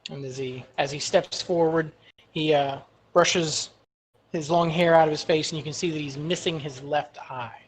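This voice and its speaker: Game master narrating a fantasy tabletop session, unhurried and descriptive. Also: male voice, a little high, steady tone, rough recording.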